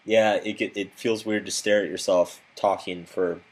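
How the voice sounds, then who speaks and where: Guy with a lowish voice coaching people, direct and instructive, some ums. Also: steady tone, normal speed. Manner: direct, instructive, with occasional fillers. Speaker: self-improvement coach. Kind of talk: recorded lesson narration.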